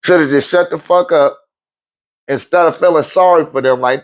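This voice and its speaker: A man's voice: a little high, moderate pace. A man hosting a casual Q&A, telling a story bluntly with lots of swearing and frequent laughter. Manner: blunt, profane, laughs often, lively swings. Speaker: host.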